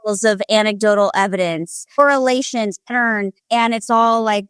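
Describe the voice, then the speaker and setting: A woman's voice: medium pitch, moderate pace, hardly any pauses, clear, resonant tone, no echo. A woman podcast host chatting casually and frankly with her guest, swearing now and then. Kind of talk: casual interview chat.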